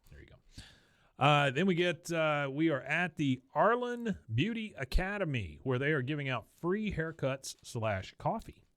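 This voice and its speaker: A man's voice: fairly high pitch, big pitch swings, a bit bright, no room sound. Male podcast co-host, casual recap, laughs a lot, dry close mic. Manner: retells scenes with quick impressions of characters, laughs often.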